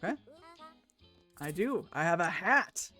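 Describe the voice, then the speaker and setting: Woman, game streamer, lively up-and-down voice, chatty, laughs a lot, faint music behind. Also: on the low side, a little slow, breathy edge. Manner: chatty, laughs often, puts on voices for characters. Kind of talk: casual game stream, reading character dialogue aloud.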